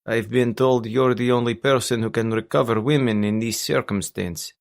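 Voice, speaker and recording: A man's voice: medium pitch, steady tone, normal speed, creaky, lightly acted. Man doing a cold Russian crime boss. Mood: cold, pragmatic. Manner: restrained, pragmatic, unemotional.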